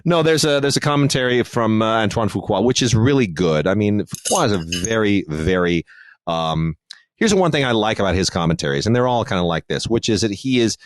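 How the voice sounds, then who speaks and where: A man with a low-pitched voice, talking casually on a film podcast. He muses and circles back over his own sentences as he weighs each release. The sound is dry and close, with no room around him. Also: lively intonation, brisk, no echo. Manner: thoughtful, digressive, frequent restarts and fillers. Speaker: podcast co-host reviewing home video releases.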